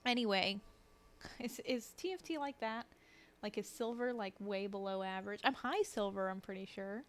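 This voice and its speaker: Late at night, a young woman at her desk mic yawns through a casual stream chat, drifting from thought to thought and poking fun at herself. She speaks at a moderate pace with a medium-pitched voice.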